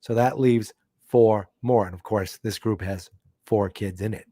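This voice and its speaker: A man's voice: fairly low pitch, measured pace, dark tone, no echo, clean studio sound. A man hosting a live book-club podcast, reading a comic aloud and breaking off for chatty asides. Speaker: podcast host.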